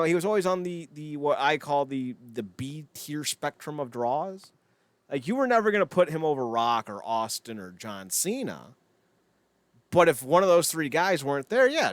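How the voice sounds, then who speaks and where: A man's voice: mid-range voice, a bit bright, no echo. A man co-hosting a wrestling podcast, casual chat, opinionated, rambling and jokey. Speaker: podcast co-host.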